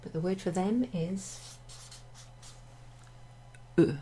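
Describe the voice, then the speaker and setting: A woman teaching a casual French grammar lesson to her club members, chatty and relaxed, with many fillers and asides. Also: fairly low pitch, very slow, a little hiss or hum. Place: home near a greenhouse.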